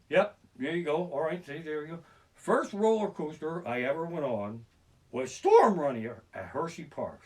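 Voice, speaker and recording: High-voiced, animated profane comic man. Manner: profane, animated, self-deprecating. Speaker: comedian. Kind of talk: livestreamed stand-up comedy. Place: home living room. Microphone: barebones home streaming setup.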